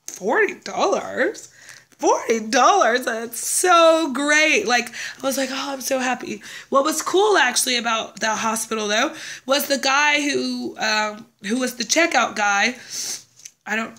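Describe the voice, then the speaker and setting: A woman's voice: a little high, normal speed, bright, forceful tone. A young woman from Texas telling a personal story in a casual vlog, chatty, with many fillers and restarts. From Texas, USA. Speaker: vlogger living abroad.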